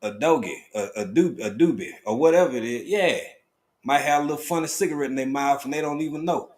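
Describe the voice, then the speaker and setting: A man of middle pitch hosts a casual live stream from home. He talks in a loose, relaxed drawl and calls out viewers by name, breaking into sudden excited bursts of greeting. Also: fast.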